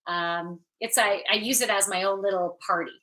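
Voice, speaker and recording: A woman's voice: medium pitch, steady tone, moderate pace, sharp tone. A woman from Ontario, Canada, chatting casually with viewers on a livestream as a yoga teacher and intuitive reader. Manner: upbeat and chatty, greets viewers by name.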